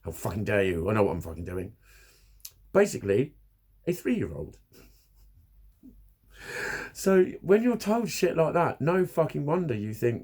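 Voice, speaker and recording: A man's voice: medium pitch, sing-song, measured pace, long pauses, darkish tone, slightly rough. A man talking candidly to camera about his therapy, blunt and swearing constantly, laughing at himself now and then. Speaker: vlogger. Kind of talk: candid personal talk to camera.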